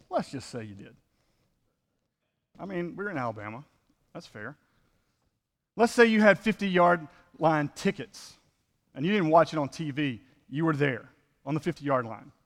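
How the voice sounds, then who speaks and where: A man's voice: a little high, a bit bright, big-room sound. A man preaching a conversational sermon as pastor, full of rhetorical questions.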